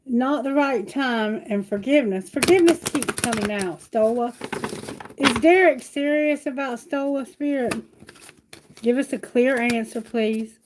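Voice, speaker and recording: A high-pitched woman reads tarot on a live stream from home. She speaks affectionately to viewers and puts her questions aloud to Spirit. The recording carries a clear layer of background noise. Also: unhurried. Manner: affectionate, reassuring, calls viewers sweetheart and baby; asks questions aloud to Spirit while drawing cards. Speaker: tarot reader. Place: at home, near her bedroom.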